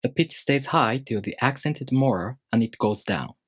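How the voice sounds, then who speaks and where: A man teaching a language lesson, explaining rules step by step in a measured, scripted way. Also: mid-range voice, animated, slightly rough, dry recording, studio quality.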